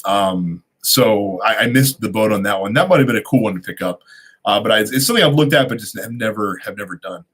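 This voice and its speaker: A man hosting a relaxed live-stream Q&A, reading out viewer questions and answering them conversationally with frequent ums and restarts. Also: on the low side, fairly quick, breathy edge. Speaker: host of a watch channel.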